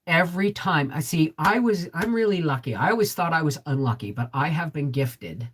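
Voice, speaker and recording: A middle-aged woman with a deep, resonant voice, hosting a casual vlog live stream. She chats straight to viewers, reads their comments and keeps asking "right?". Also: animated, moderate pace, a little hiss or hum. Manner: chatty, talks straight to viewers with frequent "right?". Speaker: homesteading vlog host.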